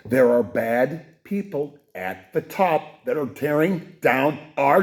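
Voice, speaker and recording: Shouting, swearing man with a lively pitch. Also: slow pace, few pauses. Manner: swings from shouted profane outbursts to low mumbling asides; rambling, with many fillers and restarts. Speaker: podcast host. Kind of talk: political podcast rant.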